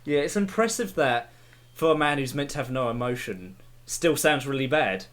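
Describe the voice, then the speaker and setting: A man's voice: medium pitch, animated, moderate pace, a bit bright. Guy cracking dry jokes at his mate during a game, voice goes up and down a lot. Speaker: let's play co-commentator. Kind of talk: casual chat over gameplay.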